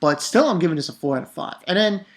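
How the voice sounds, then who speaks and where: Excitable, foul-mouthed man reviewing manga. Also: fairly high pitch, fast talker. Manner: excitable and profane, bursts into loud exclamations. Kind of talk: casual chapter review.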